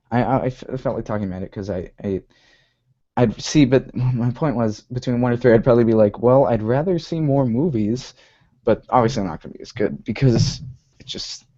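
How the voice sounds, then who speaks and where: A young man with a lowish, dark voice hosts a live web show over dull, lo-fi home stream audio. He rambles in a casual chat, keeps restarting, leans on "like," and often corrects himself.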